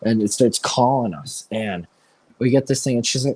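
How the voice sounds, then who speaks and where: Animated young man telling a story. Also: medium pitch, moderate pace, breathy edge. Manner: animated storyteller, swears freely. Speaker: co-host. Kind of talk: casual podcast chat.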